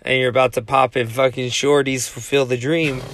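A man's voice: medium pitch, level tone, normal speed, fairly bright tone, a little hiss or hum. Loose, swearing guy saying dude nonstop. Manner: loose, swearing, says dude constantly, laughing. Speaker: podcast host. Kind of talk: casual late-night chat. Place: outdoors in front of a house.

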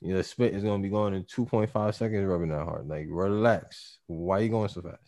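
A man's voice: low-pitched, brisk, mellow. A man in a casual podcast chat who rambles in a laid-back way, swears and laughs easily.

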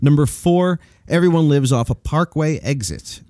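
A New man co-hosts a podcast in a studio, joking and swearing freely as he reads through a list. His pitch moves around a lot, and the sound is close and dry. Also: expressive, normal speed, warm tone, dry recording. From New Jersey. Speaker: podcast co-host. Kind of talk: casual podcast banter. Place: recording studio. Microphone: studio microphone.

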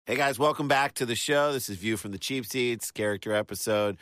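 A man's voice: mid-range voice, fairly quick, a bit bright, no echo, studio quality. A man hosting an improv comedy podcast, playful and jumping in often. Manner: playful, interjecting. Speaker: podcast host.

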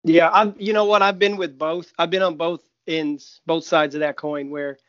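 Podcast co-host, man, light voice, relaxed and chummy, slightly lo-fi audio. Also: on the high side, moderate pace, dry recording. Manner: laughs easily, friendly and relaxed. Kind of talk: casual chat.

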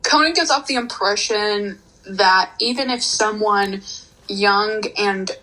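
A woman's voice: mid-range voice, slow pace, bright, forceful tone, poor audio. A young woman who is a guest in a casual chat, teasing her friend with playful made-up scenarios.

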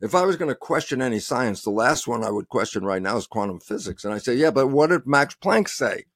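A man's voice: medium pitch, animated, fast talker, dry recording, studio quality. A man from the United States, a guest scientist in an interview, who talks in a passionate, emphatic way and often quotes himself.

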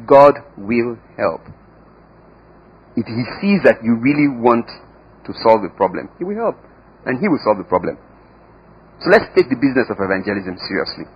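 A man preaching a sermon as pastor, emphatic, with sudden swings in loudness and pitch and repeated words. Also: sing-song, normal speed, long pauses, breathy edge, highs cut off.

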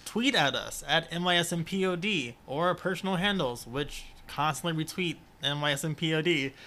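A man's voice: on the high side, normal speed, sharp tone. A man co-hosting a podcast in casual chat, playful and giggly, reading ad copy with a mock flourish. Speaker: podcast co-host.

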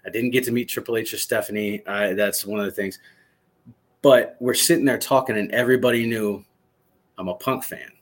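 A man in his thirties from Michigan, a former soldier, telling a story as a podcast guest in an animated, excited way, swearing freely. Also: lowish voice, brisk. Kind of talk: casual storytelling interview.

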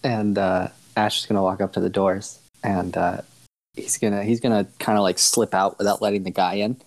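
A man playing a tabletop game, describing his character's actions in a halting way, full of fillers. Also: on the low side, level tone. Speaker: player.

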